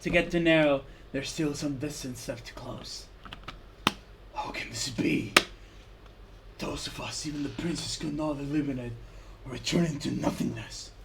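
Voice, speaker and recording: A woman streamer giving an intense dramatic reading of a visual novel, swinging from hushed whispers to loud cries. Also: low voice, normal speed, very noisy. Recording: clear background music.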